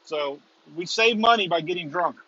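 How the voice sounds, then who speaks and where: A man's voice: high voice, normal speed, bright, forceful tone, no room sound, lo-fi sound. A man hosting a storm-chasing livestream, rambling and chuckling as he chats casually from a moving car. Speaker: storm chaser, stream host. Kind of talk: casual live chat while driving.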